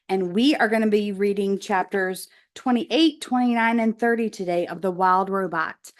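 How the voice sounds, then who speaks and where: A woman teacher reads a children's novel aloud at a slow, careful pace. Her storytelling is expressive, with lively emphasis on the narration. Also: mid-range voice.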